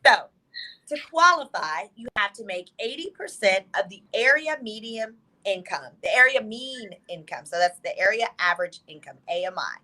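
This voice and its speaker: Bright, excited woman legal expert. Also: medium pitch, rough recording. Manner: fast, excited, emphatic. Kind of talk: excited explanatory talk show segment. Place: hotel room.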